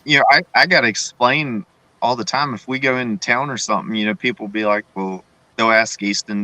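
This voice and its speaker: A middle-aged man in casual chat, agreeable and halting, often restarting his sentences. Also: mid-range voice, steady tone, bright, forceful tone, dry recording, low-quality recording. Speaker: podcast co-host.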